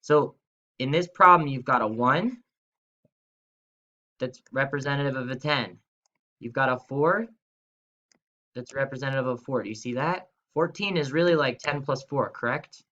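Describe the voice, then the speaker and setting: An upbeat young man teaches schoolchildren in a video lesson and speaks directly to them in a friendly, chatty way. His voice sits at a middle pitch. The audio is a little dull and lo-fi. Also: moderate pace, pauses often, bright, forceful tone. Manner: upbeat, chatty, talks straight to kids. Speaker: third-grade teacher.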